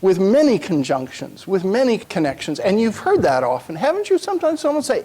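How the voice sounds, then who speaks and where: Guy lecturing a class, bit higher voice, musing out loud, slows down for quotes. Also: sing-song. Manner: thinks aloud, reads quotations with slow solemn emphasis. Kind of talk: university lecture on rhetoric.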